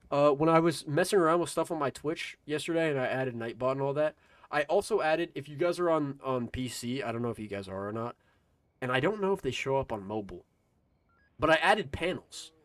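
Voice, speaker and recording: A man's voice: medium pitch, no echo. A man streaming a video game live, rambling to his chat in a loose, casual way and swearing freely. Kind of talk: casual gaming stream commentary.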